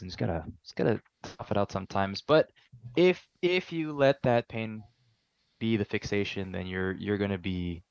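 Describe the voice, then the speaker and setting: A young man with a low, gravelly voice, talking slowly and thoughtfully as a podcast guest. His voice is dry and close, with a dull, slightly lo-fi tone. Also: dry recording. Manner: thoughtful, searching for words. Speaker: podcast guest, martial arts instructor. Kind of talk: reflective conversation.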